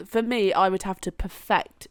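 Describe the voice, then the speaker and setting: A woman's voice: medium pitch, fairly even intonation, normal speed, smooth, dry recording, studio quality. A young woman co-hosting a podcast in casual, chatty talk, swearing freely and laughing often. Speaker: podcast co-host. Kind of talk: casual chat.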